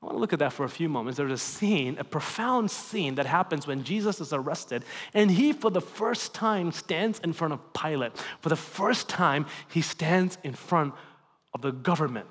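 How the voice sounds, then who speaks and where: Man, pastor, sermon, animated, emphatic then hushed, high-pitched, long hall reverb. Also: normal speed, slightly rough.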